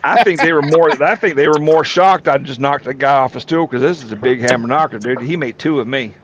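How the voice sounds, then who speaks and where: A talk-show storyteller, a man with a medium-pitched voice, spins rowdy yarns a little fast in a folksy drawl, cursing colorfully throughout. It's casual storytelling, and the recording sounds dull and lo-fi with faint room noise.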